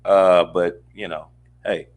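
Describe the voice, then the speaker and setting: A man's voice: deep voice, flat delivery, takes it slowly. A man co-hosting a podcast, talking casually and laid-back with lots of slang and "you know what I mean". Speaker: podcast co-host.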